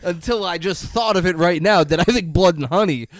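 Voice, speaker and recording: A man's voice: high-pitched, brisk. A young man co-hosting a podcast, reviewing a movie in crude, laughing banter and breaking into silly put-on voices. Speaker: podcast co-host.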